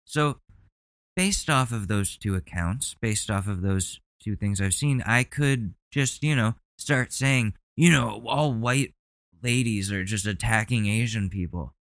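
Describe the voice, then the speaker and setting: A man's voice: fairly low pitch, a little slow, a bit bright, dry recording. A man hosting a podcast, reacting to videos bluntly and indignantly, swearing often. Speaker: podcast host.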